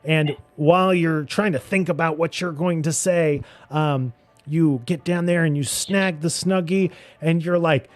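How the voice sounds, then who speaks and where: A man runs a tabletop game, his voice sitting a bit high as he narrates playfully and laughs along with his players. Faint music plays under the call. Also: steady tone, dry recording. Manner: playful, laughing, voices characters in quick asides. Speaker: game master.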